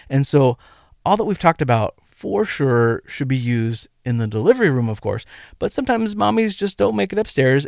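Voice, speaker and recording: A man hosting a medical teaching podcast, delivering a scripted lecture in a measured, emphatic way and counting out rhythms aloud. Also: medium pitch, darkish tone, no room sound, studio quality. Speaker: podcast host and medical educator.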